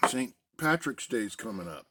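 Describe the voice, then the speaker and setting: A middle-aged man chatting casually in a relaxed, rambling way from a basement den at home. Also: on the low side, unhurried, slight background noise. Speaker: pipe-smoking video host. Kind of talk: casual pipe-smoking chat.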